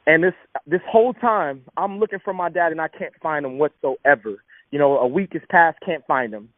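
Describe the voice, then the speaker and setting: A man's voice: a little high, moderate pace, no echo, narrow, tinny audio. Earnest man telling his story, thin sound. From Southern California. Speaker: speaker. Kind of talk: personal testimony talk.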